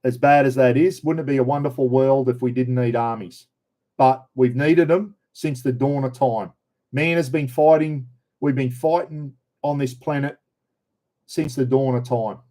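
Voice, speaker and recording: Australian man, middle-aged, mellow tone, rambling casual live-stream chat. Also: mid-range voice, steady tone, normal speed. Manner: rambling, anecdotal, frequent restarts.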